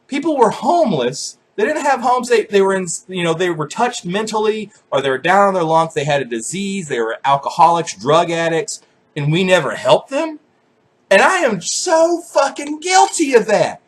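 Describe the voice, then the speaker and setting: Husky young man ranting with lively swings. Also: high voice, moderate pace. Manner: swearing, animated, self-mocking. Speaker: vlogger. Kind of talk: profane comedic rant to camera.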